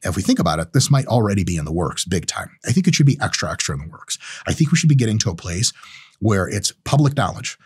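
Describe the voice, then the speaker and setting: Animated husky man ranting. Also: quick pace. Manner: animated, swearing, swinging pitch on quoted reactions. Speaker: host. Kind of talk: casual monologue.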